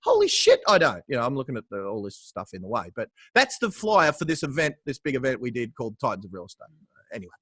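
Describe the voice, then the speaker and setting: An Australian man in casual podcast chat as a guest real estate coach, animated, swearing casually and calling the host bro. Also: mid-range voice, quick pace, slightly rough, no echo.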